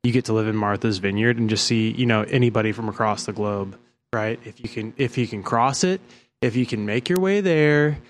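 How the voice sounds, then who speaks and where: A man's voice: on the low side, a little fast. A man co-hosting a political talk show, dropping wry, joking asides. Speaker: co-host. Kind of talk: casual political chat.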